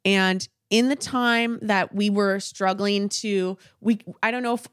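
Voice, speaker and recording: A woman's voice: medium pitch, steady tone, measured pace, fairly bright tone, clear, resonant tone. A woman guest on a podcast telling a story in candid, casual chat, swearing and laughing as she goes.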